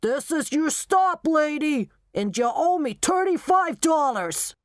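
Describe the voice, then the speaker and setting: A woman's voice: sits high, lively intonation, slow, dry recording, studio quality, voice pushed up. A woman voicing a brash, boastful male cab driver in the big city. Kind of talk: audiobook character voice.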